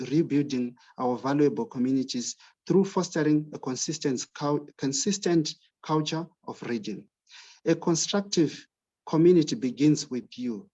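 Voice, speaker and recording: A man's voice: a little high, darkish tone, lo-fi sound. A man giving a formal, earnest thank-you speech to librarians, with a few restarts. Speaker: guest speaker.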